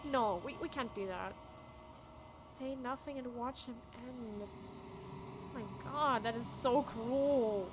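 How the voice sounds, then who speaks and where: Her voice fairly high and her pace unhurried, a young woman gives casual let's-play commentary while streaming. She reads the game's text out loud and turns emotional as music plays in the background.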